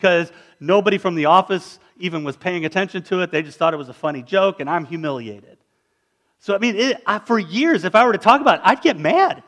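Male pastor, high-pitched, dramatic storyteller in the pulpit. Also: sing-song, brisk, a bit bright. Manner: dramatic storytelling, acts out voices. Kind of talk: sermon.

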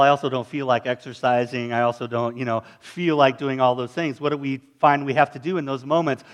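Male pastor, high-pitched, dramatic storyteller in the pulpit. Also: fairly bright tone. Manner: dramatic storytelling, acts out voices. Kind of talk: sermon.

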